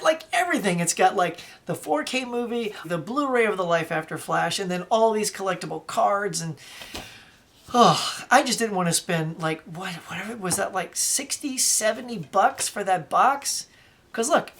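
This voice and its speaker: Casual vlog voice: woman, chatty and animated, mid-range pitch, says y'all. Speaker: collector vlogger. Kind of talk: casual show-and-tell vlog.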